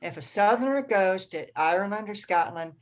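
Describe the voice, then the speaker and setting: A woman's voice: medium pitch, normal speed. A woman with a Southern US drawl, chatting and telling stories on a book club video call. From American South. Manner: lively, chatty storytelling. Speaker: book club member and narrator. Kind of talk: casual video-call chat.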